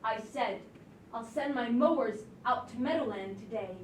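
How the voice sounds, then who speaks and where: A woman playing a headstrong, quarrelsome young daughter in a stage play, scolding and shouting back. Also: on the high side, moderate pace, natural voice. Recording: roomy, distant mic with faint noise.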